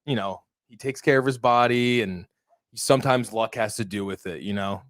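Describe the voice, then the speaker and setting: A man co-hosting a casual sports podcast, talking in animated run-on stories full of slang and swearing. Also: lowish voice, moderate pace, no room sound, clean studio sound. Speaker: co-host.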